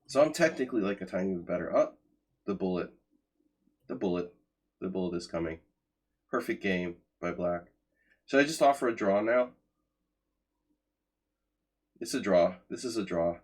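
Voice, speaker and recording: A man's voice: low voice, animated, moderate pace, pauses often, slightly rough. A man in his forties giving sardonic, chatty commentary while he plays chess on a live stream and talks to his chat.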